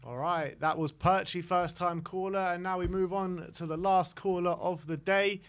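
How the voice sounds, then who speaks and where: A man's voice: high voice, steady tone, normal speed, clear, resonant tone. A man hosting a fan show, friendly and matter-of-fact. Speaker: host.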